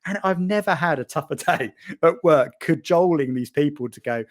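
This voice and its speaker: Speaking at an ordinary speed in a slightly high voice, this man is a podcast guest recounting lively stories in a relaxed, storytelling way, imitating the voices of those he quotes.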